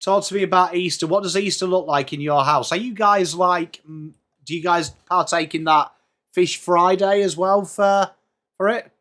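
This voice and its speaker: A man's voice: sits high, steady tone, normal speed, fairly bright tone. A man with an English accent hosting a casual live sports watchalong stream, chatting and greeting viewers by name. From England.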